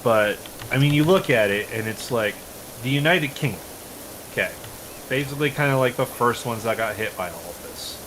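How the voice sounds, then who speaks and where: A man's voice: mid-range voice, animated, normal speed, background noise. A man chatting casually while gaming on a stream. He is rambling and opinionated, and he swears freely. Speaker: streamer co-host.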